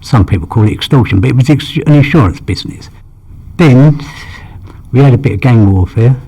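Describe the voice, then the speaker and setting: In anecdotal storytelling, an older man being interviewed rambles through tales of his past, voicing the dialogue and often saying "you know." He speaks briskly at medium pitch, with a dark tone and a breathy edge.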